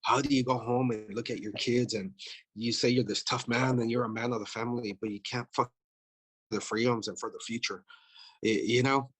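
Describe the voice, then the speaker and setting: A man's voice: mid-range voice, fairly even intonation, moderate pace, a bit bright, slightly rough. A man running for office, talking bluntly and profanely in a casual interview, with lots of "you know" fillers. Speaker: political candidate.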